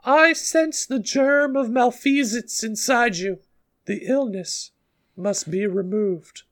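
A man's voice: extremely high pitch, takes it slowly, fairly bright tone, voice pushed up, exaggerated voice. A man voicing a blinded young boy who leads a cult and speaks maturely, like a priest. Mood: ominous.

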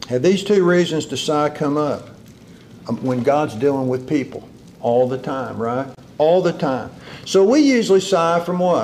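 A man preaching a sermon, drawing out key words slowly and dropping into a low hush for emphasis. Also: slight background noise.

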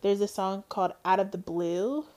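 A woman's voice: mid-range voice, normal speed, warm tone. A woman hosting a solo podcast, talking casually and enthusiastically with frequent ums. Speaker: podcast host.

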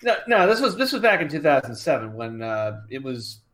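A man's voice: mid-range voice, big pitch swings, brisk, fairly bright tone, a little hiss or hum. A man in his thirties co-hosting a podcast in casual chat, rambling with many fillers and restarts. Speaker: podcast co-host.

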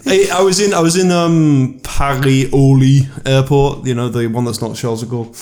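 A man's voice: medium pitch, steady tone, moderate pace, darkish tone. A man co-hosting a comedy podcast, telling rambling stories in casual chat and laughing often. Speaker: podcast co-host.

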